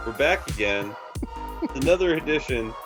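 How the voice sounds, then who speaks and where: Lively-voiced male podcast host. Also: medium pitch, moderate pace, over music. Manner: playful, breaks into silly voices. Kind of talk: casual chat.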